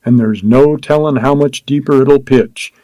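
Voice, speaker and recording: A man voicing a lone gold prospector who talks to himself in slow, coaxing tones, weary and dogged. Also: medium pitch, dark tone, dry recording, lightly acted. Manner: slow, coaxing self-talk.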